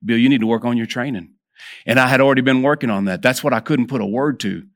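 A man preaching a sermon to a group of men. He calls for amens and repeats words as he restarts, climbing higher and louder when he exhorts, then dropping soft and low for prayers. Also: quick pace. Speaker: preacher at a men's gathering.

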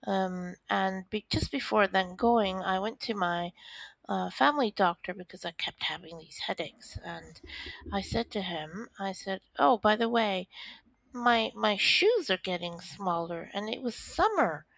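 Woman, interview guest, mid pitch, dry close sound, animated storyteller who acts out dialogue. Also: measured pace, gravelly, no echo, rough recording. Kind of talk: recounting a personal story.

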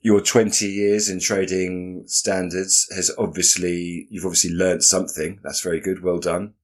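A man's voice: low voice, little pitch movement, moderate pace. A British man co-hosting a podcast, asking dry, teasing questions in casual chat. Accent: British English. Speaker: podcast co-host.

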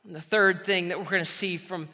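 Man, high voice, exhorting sermon, reverberant hall. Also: steady tone, brisk, sharp tone. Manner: exhorting, call-and-response, acts out quoted voices. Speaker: pastor.

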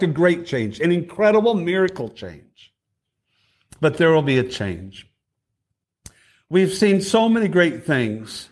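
Middle-aged male preacher, slightly high voice, conversational sermon storytelling. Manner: storytelling, addresses congregation directly with questions. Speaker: district superintendent preaching. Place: church sanctuary.

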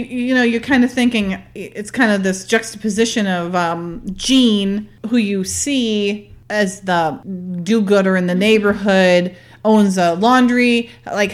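Woman chatting about a tv episode, laughs a lot, mid pitch, does little voices for the characters. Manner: chatty, laughs often, acts out quoted lines. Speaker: co-host. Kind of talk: casual chat.

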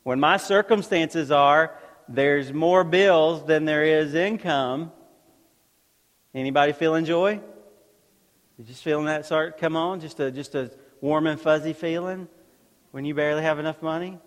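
A man's voice: on the high side, a little slow. A man preaching a sermon to a congregation, talking in a conversational way and tossing out rhetorical questions. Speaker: pastor. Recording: long hall reverb.

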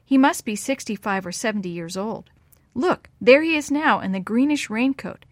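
Lady reading a chatty excited 13 yr old girl, storybook, dry close sound. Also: on the high side, normal speed, dry recording, lightly acted. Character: thirteen-year-old girl, chatty and eager.

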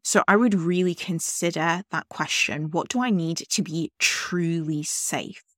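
A woman hosting a solo podcast, talking earnestly and directly to the listener in a calm way. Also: on the low side, unhurried, no room sound, studio quality. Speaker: podcast host.

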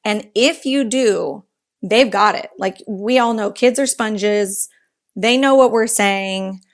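A woman speaking as a guest author on baby sign language, telling lively stories in a casual chat with a lot of "like". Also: medium pitch, slow. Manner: lively storyteller, chatty, says "like" often.

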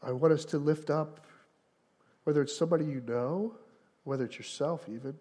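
With a fairly high voice at a moderate pace, a pastor preaches earnestly, repeating key phrases to drive them home. His sermon rises into loud passages and softens into quiet prayer.

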